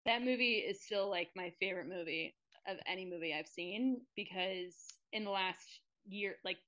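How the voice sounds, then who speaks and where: A woman's voice: mid-range voice, pushed and bright. A young woman in casual podcast chat, earnest and rambling as she opens up. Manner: earnest, rambling, quick to open up. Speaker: podcast guest.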